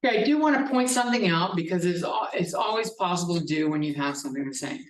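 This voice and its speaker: A man's voice: sits high, animated, fast. A male math professor giving a classroom lecture, explaining step by step in a casual style with some swearing. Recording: echoey classroom from a distance.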